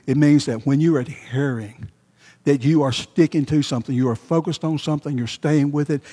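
A man's voice: medium pitch, warm tone, long reverb tail. A male pastor preaching a sermon, emphatic and repeating his key phrases for weight.

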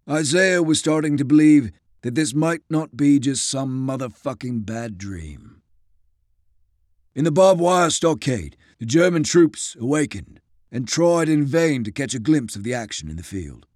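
A man giving dramatic scripted audiobook narration, dropping to a hush on tense passages. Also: mid-range voice, no room sound, clean studio sound.

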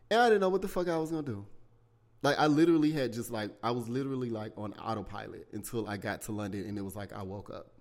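A young man hosting a podcast, telling his own story casually and candidly, with lots of swearing and animated outbursts. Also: medium pitch. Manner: candid, profane, animated retelling with bursts of shouting. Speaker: podcast host.

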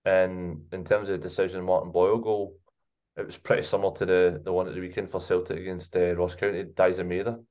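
A man co-hosting a football podcast, giving measured analysis. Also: deep voice, level tone, a little mellow. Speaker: podcast co-host.

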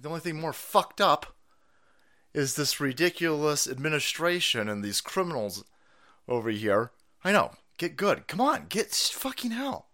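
A middle-aged man hosts a live stream with a profane, fed-up rant. His voice sits a touch high and leaps all over the place, dropping to exasperated mutters and then bursting out loud and animated. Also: normal speed. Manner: foul-mouthed, exasperated, swings between mutters and outbursts. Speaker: political streamer.

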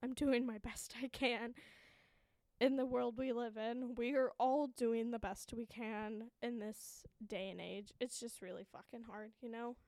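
A young woman in her twenties talks into a close, dry microphone, her voice a touch high and audibly shaky. She rambles frankly and anxiously, cursing freely and laughing at herself. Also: steady tone, unhurried, a little mellow, no echo. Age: 20s. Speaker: podcast host. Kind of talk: candid solo podcast monologue.

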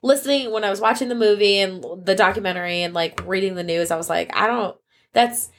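A woman's voice: medium pitch, fast. A woman co-hosting a casual podcast, retelling a news story in a chatty way and acting out what people said. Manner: storytelling, retells events with quoted voices. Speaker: podcast co-host. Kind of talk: casual chat.

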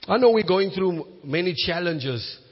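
Man, South African accent, pastor preaching, husky voice, muffled sound, long hall echo. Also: high-pitched, lively intonation, unhurried. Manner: builds from quiet storytelling to loud emphatic preaching. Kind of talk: sermon.

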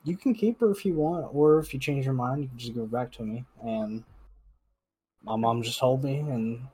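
Young male co-host, mid-pitched, relaxed and meandering, casual chat. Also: normal speed, husky, low-quality recording. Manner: laid-back, rambling with fillers. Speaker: podcast co-host.

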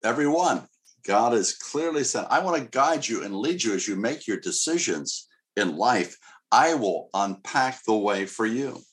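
A man's voice: medium pitch, animated, measured pace, fairly bright tone. A middle-aged male pastor preaching a sermon in an earnest, conversational way with casual asides.

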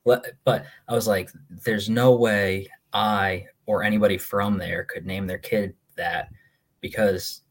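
Husky-voiced young man chatting casually. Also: on the low side, fairly even intonation, unhurried. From Maine. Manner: rambling, easygoing storyteller with many fillers. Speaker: podcast co-host. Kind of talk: casual chat.

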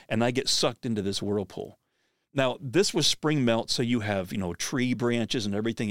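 A man's voice: lowish voice, fairly bright tone, no room sound, studio quality. A middle-aged man hosting a podcast, telling a personal story in an earnest, vivid way that often restarts sentences.

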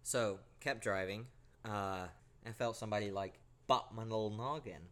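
A young man hosts a podcast, casually retelling a spooky personal story in an animated, profanity-laced way. His voice is fairly low and his pace moderate.

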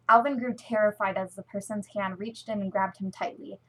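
A woman's voice: medium pitch, fairly even intonation, normal speed, hardly any pauses, fairly bright tone, poor audio. A woman casually reading a fan story aloud into a computer mic, often stumbling and correcting herself. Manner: chatty, stumbling, self-correcting. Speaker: fan-fiction reader.

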